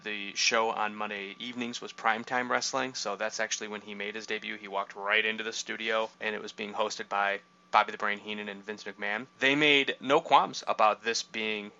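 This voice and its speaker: A man's voice: fairly low pitch, fairly even intonation, moderate pace, creaky, few pauses, pushed and bright, dull audio. A man hosting a casual chat, explaining things at length in a knowledgeable way with many fillers. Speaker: podcast host.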